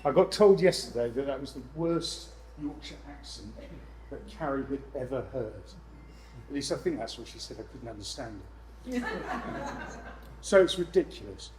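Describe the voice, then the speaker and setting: A man presenting to a room of landlords, lively and jokey with exasperated asides. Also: mid-range voice, normal speed, background noise. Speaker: letting agent speaking at a landlord event. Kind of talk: live seminar presentation.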